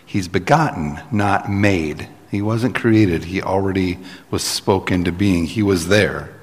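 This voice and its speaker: A man's voice: deep voice, a little slow, long reverb tail. A man preaching a sermon in a conversational, explaining manner with asides to the congregation. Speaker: pastor.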